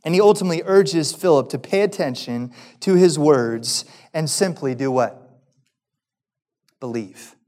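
A pastor giving a sermon, preaching emphatically and asking his listeners rhetorical questions, now loud, now quiet. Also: fairly high pitch, lively intonation, measured pace.

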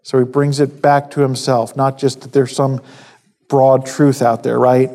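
A man giving a conversational sermon, halting with fillers and restarts, acting out quoted lines. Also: mid-range voice, level tone, mellow. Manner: acts out quoted speech. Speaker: preacher.

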